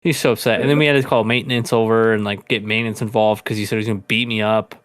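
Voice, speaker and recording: This young man tells his stories in a laid-back, rambling way, full of fillers and restarts. His pitch sits in the middle of the range. The sound is close and dry, with no room around it. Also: fairly even intonation, very fast, fairly bright tone, clear, resonant tone, no echo. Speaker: podcast co-host. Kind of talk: casual storytelling among friends.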